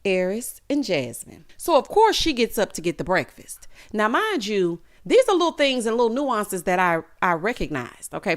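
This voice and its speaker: A woman in her thirties giving a sassy, animated recap of a reality show, calling her viewers honey and child. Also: medium pitch. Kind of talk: casual recap commentary.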